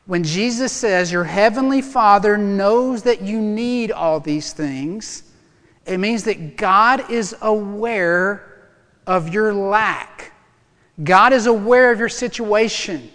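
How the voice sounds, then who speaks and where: Male pastor, high-pitched, lively sermon delivery with humor, recorded in a echoey sanctuary. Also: takes it slowly. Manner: animated, emphatic preaching with humor.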